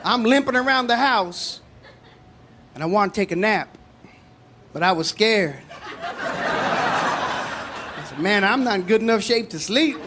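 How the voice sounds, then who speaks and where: A man's voice: high voice, lively intonation, a little slow, pauses often, heavy background noise. A middle-aged man doing a stand-up comedy set on stage, delivering punchlines conversationally. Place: comedy stage before a live audience. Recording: live stage mic with loud crowd laughter.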